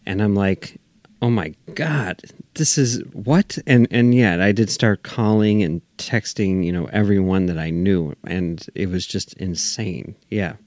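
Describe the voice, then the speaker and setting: A man's voice: sits low, unhurried, hardly any pauses, no room sound, clean studio sound. A man talking as a podcast guest in casual chat, acting out his reactions. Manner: animated, acts out his own reactions.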